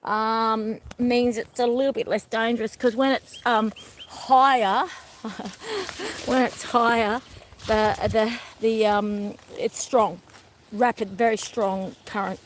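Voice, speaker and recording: A woman's voice: fairly high pitch, takes it slowly, a little hiss or hum, poor audio. Chatty woman on an outdoor walk. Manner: chatty, talking to her dogs in between. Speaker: vlogger. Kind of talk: casual walking vlog. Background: birds and dogs.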